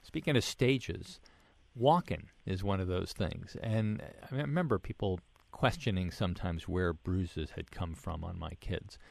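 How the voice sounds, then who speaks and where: A man hosting an interview, asking measured questions with halting restarts. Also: low voice, animated, creaky, a little mellow, no echo. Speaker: interviewer host. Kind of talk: radio interview.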